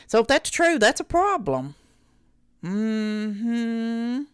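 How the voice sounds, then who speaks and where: A woman with a rural Southern US accent streams live to her chat. Her voice swings up and down in lively pitch and sounds close and dry. She talks in a blunt, folksy way, swears freely and laughs often. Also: very slow, clear, resonant tone, dry recording. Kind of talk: casual live reaction stream.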